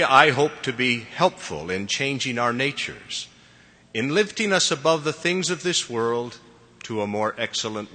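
A man giving a formal sermon in a measured, solemn manner. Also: medium pitch, bright, forceful tone. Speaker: church speaker. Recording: long reverb of a large hall.

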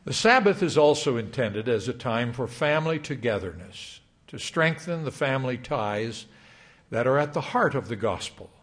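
An older man preaching a sermon. His pitch rises and falls freely as he reads scripture and quotes in a measured, emphatic cadence. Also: lively intonation, fairly bright tone. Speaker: church speaker.

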